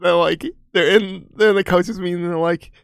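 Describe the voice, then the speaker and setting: Guy cohosting a football pod, kinda higher voice, stammers a lot, dry sound. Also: steady tone, brisk, vocal fry, smooth, no room sound. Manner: stammering restarts, acts out quotes. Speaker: podcast co-host. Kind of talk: casual sports chat.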